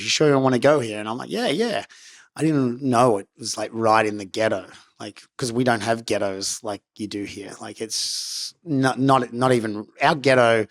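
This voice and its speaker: A middle-aged Australian man with an Australian accent, telling stories as a guest in a casual interview, rambling with lots of "like" and acted-out quotes. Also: on the low side. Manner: rambling, laid-back, lots of "like" and quoted self-talk.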